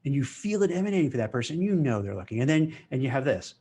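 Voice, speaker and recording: A man giving casual career advice in a lively way. He acts out office chatter in mock voices. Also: mid-range voice, fast talker, husky. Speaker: career commentator.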